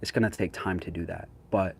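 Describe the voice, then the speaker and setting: Casual young male creator, low voice, slangy and easygoing, a faint background hum. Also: steady tone, a little fast, vocal fry. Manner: slangy, laid-back and conversational. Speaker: social media creator. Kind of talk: casual chat with viewers.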